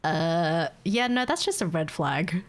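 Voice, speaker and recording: A woman's voice: on the low side, expressive, takes it slowly. A young adult woman, ranting bluntly and swearing freely as she chats casually on a livestream. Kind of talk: casual stream chat.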